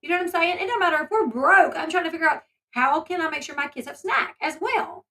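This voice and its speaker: A woman's voice: very high-pitched, fast, vocal fry, sharp tone. A woman hosting a casual commentary video, talking in a rambling, emphatic way and often stopping to restart her thoughts. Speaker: commentary channel host; mother.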